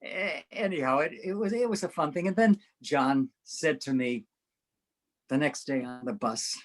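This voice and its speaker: Older man telling a lively stage story. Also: a little high, normal speed, low-quality recording. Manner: animated storyteller, laughs often, acts out voices. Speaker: interview guest. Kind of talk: anecdotal storytelling.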